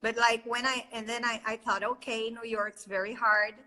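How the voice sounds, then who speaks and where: A woman's voice: a little high, flat delivery, normal speed, sharp tone, low-quality recording. A Brazilian woman speaking English as her second language with a Brazilian accent, hosting a casual live chat as an English teacher. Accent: Brazilian Portuguese. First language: Portuguese.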